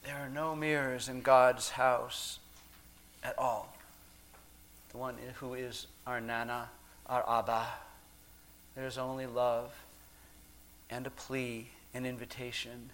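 Slow, measured male preacher. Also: mid-range voice, little pitch movement. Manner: slow and measured, with long pauses and shifts between soft and loud. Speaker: pastor. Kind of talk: sermon.

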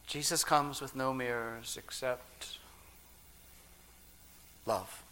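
A man preaching a sermon as pastor, measured and deliberate, with long pauses, dropping soft and then rising loud. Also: mid-range voice, fairly even intonation.

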